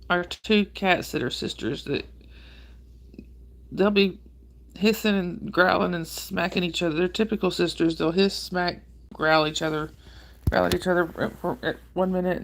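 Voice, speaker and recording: Hoarse woman chatting on a livestream. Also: fairly low pitch, normal speed. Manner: chatty, greets viewers by name, sniffles. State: hoarse with a cold and sore throat. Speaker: livestream host. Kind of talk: casual live chat with viewers.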